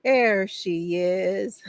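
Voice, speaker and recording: A woman's voice: medium pitch, drawn-out words, dry recording. A woman hosting a casual craft livestream from her home shed, greeting viewers by name, chatty and often laughing.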